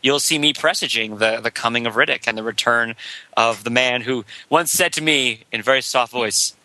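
A man's voice: medium pitch, moderate pace, pushed and bright, slight background noise, poor audio. A man on a podcast panel talking casually and enthusiastically, laughing often.

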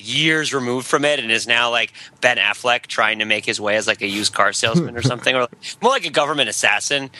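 Bright-toned man riffing speculatively. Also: mid-range voice. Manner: speculative, fills speech with "like". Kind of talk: casual chat.

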